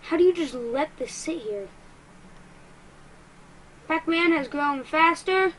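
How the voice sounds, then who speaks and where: A woman narrates her own gameplay in a high, bright-toned voice. She is excitable and self-mocking, flaring into frustration easily. A faint noise sits under the recording. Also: takes it slowly, pauses often, rough recording. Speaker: gaming YouTuber. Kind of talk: let's-play commentary.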